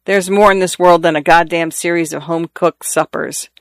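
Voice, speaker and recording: A man's voice: on the high side, fairly even intonation, normal speed, clean tone, no room sound, studio quality, close to an everyday voice. A man reading a jovial older man's lines in an audiobook, hearty and joking as he tells family stories.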